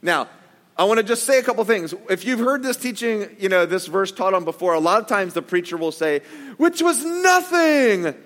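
A man's voice: high voice, brisk, fairly bright tone, long reverb tail. A man preaching a casual sermon, conversational, with joking asides and acted-out quotes. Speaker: pastor.

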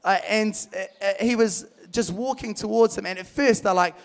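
A young man giving an animated sermon at a youth camp, telling Bible stories with energy and acting out the voices in them. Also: sits high, fairly quick, creaky, hardly any pauses.

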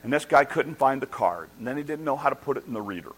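Middle-aged male pastor, mid-pitched voice, animated and self-mocking, tripping over his words as his story builds. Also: fast, breathy edge, poor audio. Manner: animated, self-deprecating humor; restarts and repeats words when excited. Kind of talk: storytelling sermon.

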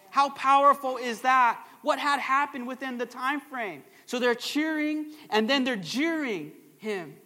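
A man preaching a sermon as pastor, energetic and calling out to the congregation with repeated checks for agreement. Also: very high voice, normal speed, few pauses. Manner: energetic, calls to the crowd with "come on, somebody" and "all right?". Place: church. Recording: long church hall reverb.

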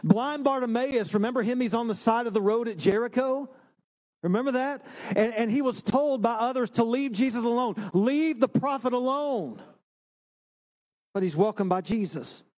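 A man, a pastor, preaching a sermon in a relaxed storytelling way with self-deprecating humor. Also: very high-pitched, a little fast. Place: church sanctuary.

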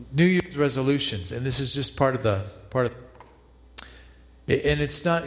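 A male pastor delivers a reflective sermon, pausing to lead the congregation in repeated prayer. His voice sits at an ordinary pitch for a man. It carries a long reverb, as if recorded in a large hall.

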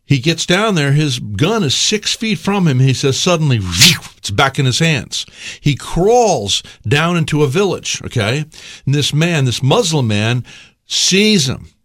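A middle-aged man hosting a casual talk, telling stories with lively, acted-out quotes. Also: fairly high pitch, a little slow. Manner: animated storyteller, acts out quotes loudly. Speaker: podcast host. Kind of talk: casual conversation and storytelling.

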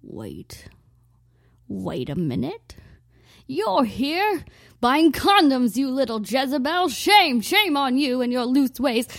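A woman voicing her prudish old grandmother, shrill and outraged as she scolds. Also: sing-song, drawn-out words, gravelly, few pauses, dark tone, dry recording, clean studio sound, heavily acted. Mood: scandalized.

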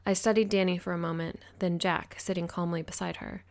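A woman narrating an audiobook in the first person, with a low voice. Her reading is even and measured, with a gravelly fry running through it.

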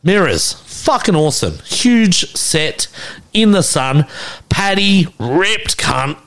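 Lively Aussie male host, young, sweary storyteller. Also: sits high, takes it slowly. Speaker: podcast co-host. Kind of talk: casual chat.

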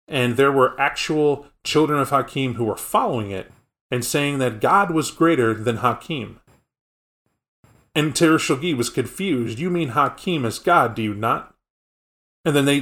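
Mid-pitched male podcast co-host, casual and explanatory. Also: a bit bright. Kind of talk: casual tabletop game lore chat.

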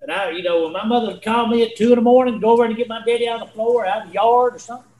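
A man's voice: very high voice, very fast, a little mellow, echoey room, poor audio. A man teaching a Bible lesson in a folksy, earnest way, repeating himself and asking his listeners questions. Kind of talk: sermon.

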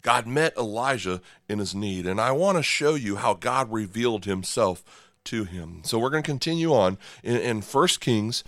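Male pastor, middle-aged, lowish voice, dry close mic; dynamic sermon delivery with sudden quiet drops and repeated phrases. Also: animated, moderate pace, no echo. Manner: checks in with the audience with "right?" and "okay?".

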